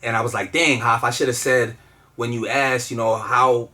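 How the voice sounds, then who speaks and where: A man's voice: mid-range voice, little pitch movement, moderate pace, bright, forceful tone. A man telling a personal story in casual, earnest conversation, with lots of fillers and restarts. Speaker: guest telling his story.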